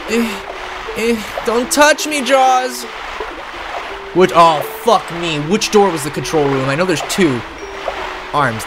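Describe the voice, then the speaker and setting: With game music in the background, a streamer playing a horror video game keeps up light, joking commentary in a medium-pitched voice. They curse casually, laugh often, and talk with viewers.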